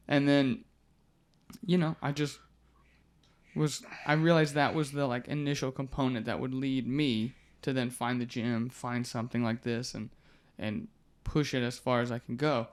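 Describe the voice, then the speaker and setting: A man's voice: mid-range voice, unhurried. A young man in his twenties talks through a story on a podcast, with a voice that sits in an ordinary mid range. He laughs through his own lines and swears loosely. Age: 20s. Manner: animated storyteller, laughs often, swears casually. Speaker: MMA fighter guest.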